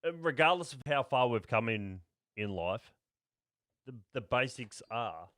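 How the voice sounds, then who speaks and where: Male stream co-host, mid-pitched, dry close sound, eager, circles back on his words. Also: lively intonation, unhurried, fairly bright tone, no room sound. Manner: eager, repeats himself mid-sentence. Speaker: livestream co-host. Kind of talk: casual livestream chat.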